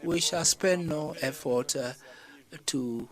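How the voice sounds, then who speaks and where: A man delivering a formal policy address to a summit of leaders, measured and stopping often on fillers and restarts. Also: a little high, low-quality recording. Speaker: summit chair addressing heads of state.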